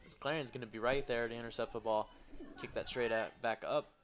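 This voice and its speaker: Quick-talking tired young man calling soccer. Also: medium pitch, fairly even intonation. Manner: fast, loose play-by-play with joking asides. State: tired, yawning. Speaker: play-by-play commentator. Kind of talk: live sports commentary.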